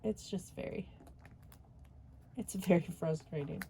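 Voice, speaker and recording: A woman's voice: lowish voice, measured pace, creaky, mellow, slight background noise, low-quality recording. A woman hosting a craft channel, talking casually in a voice-over while she works. She vents about her frustrations, sighing and laughing ruefully. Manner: venting, retelling with quoted back-and-forth.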